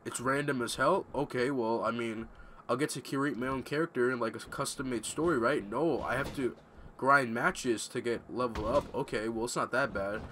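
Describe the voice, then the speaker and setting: A man's voice: medium pitch, moderate pace, fairly bright tone, slight background noise. A young man giving casual, ranting gameplay commentary at home, swearing freely. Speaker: gamer commentator. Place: home room.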